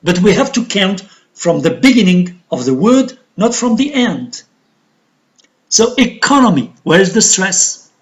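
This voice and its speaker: Algerian english teacher going slow through a lesson, lots of ups and downs in the voice, asks then answers itself. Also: medium pitch, expressive, rough recording. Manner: deliberate, explains step by step, asks and answers own questions. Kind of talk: recorded classroom lesson.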